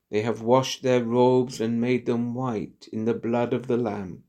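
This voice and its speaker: A man reading scripture and a responsorial psalm aloud in church, in a slow, measured and solemn liturgical style. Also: mid-range voice, a little mellow. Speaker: lector.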